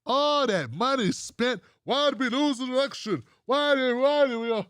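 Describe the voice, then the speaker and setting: A man's voice: very high voice, animated, normal speed, a bit bright, clear, resonant tone, dry recording, studio quality. A man from the United States hosting a political livestream, ranting bluntly with heavy profanity and reading out viewer comments. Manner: reads out live chat comments. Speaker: livestream host.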